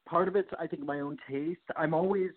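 A man, a musician guest in an interview, talking casually with animated, laughing storytelling. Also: a little high, brisk. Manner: animated, laughing, self-correcting. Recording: tinny phone-like line.

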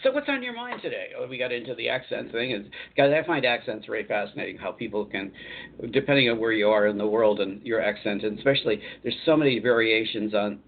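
A man's voice: on the low side, animated, fast, vocal fry, slight background noise. A man hosting a call-in radio show, talking in a rambling, chatty way and laughing easily. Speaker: radio show host and channeler. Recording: tinny phone-line sound.

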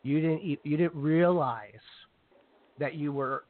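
A man's voice: a little high, unhurried. A man hosting a casual talk show, speaking loosely and saying "you know" a lot. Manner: filler-heavy, says "you know" often. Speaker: show host. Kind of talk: casual podcast conversation. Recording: dry, tinny phone-line sound.

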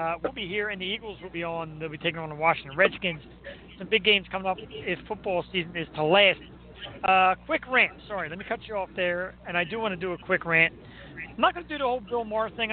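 High-voiced excitable male host on a tinny line. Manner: excitable, joking, ranting. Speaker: talk show host. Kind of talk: casual sports rant and chat. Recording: tinny phone-like line with faint noise.

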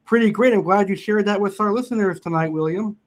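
A man's voice: high-pitched, fast. A man hosting a casual internet radio show, upbeat and repeatedly thanking callers. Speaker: host.

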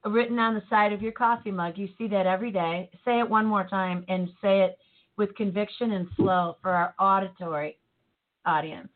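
A woman co-hosting a casual motivational chat, animated and laughing easily, often trailing off mid-thought. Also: mid-range voice, moderate pace. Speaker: co-host. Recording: tinny phone-like line.

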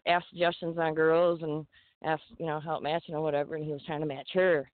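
A woman's voice: low voice, a little fast, no echo. Woman guest, 30s, salty and giggly storyteller, dry tinny phone-line sound. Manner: profane, laughing, animated storyteller. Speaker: guest fighter. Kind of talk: casual podcast storytelling.

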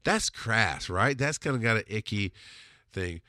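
A man's voice: fairly low pitch, lively intonation, a little slow, bright, forceful tone, dry recording, clean studio sound. A man hosting a solo podcast, talking in a blunt, rambling way and swearing freely. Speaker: podcast host.

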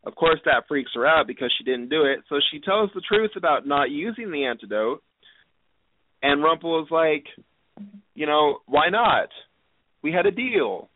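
A man's voice: fairly high pitch, expressive, normal speed. A man co-hosting a podcast, chatty and playful as he recaps a TV episode at length. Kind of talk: casual podcast chat. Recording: tinny phone-like line with faint hiss.

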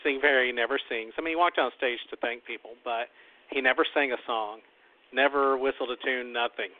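A man's voice: medium pitch, steady tone, fairly quick. A man hosting a talk show, telling a long story in a loose, rambling way and often repeating himself. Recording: tinny phone-like line, dry.

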